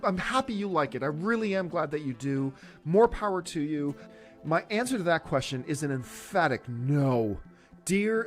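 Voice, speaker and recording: Exasperated ranting man, lively pitch. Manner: exasperated and sarcastic, mocks others in put-on voices. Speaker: online movie commentator. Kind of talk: ranting commentary.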